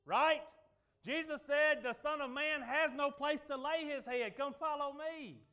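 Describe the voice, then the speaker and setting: A middle-aged man preaching a sermon, telling folksy stories and swinging from loud declarations to quiet asides. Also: extremely high pitch, unhurried.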